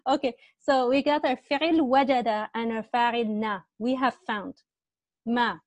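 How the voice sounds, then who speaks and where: A fairly high-voiced woman runs an online grammar lesson, asking students questions and echoing both the questions and their answers with patience. She keeps a steady, slightly mellow tone at normal speed, and the dry audio has no echo.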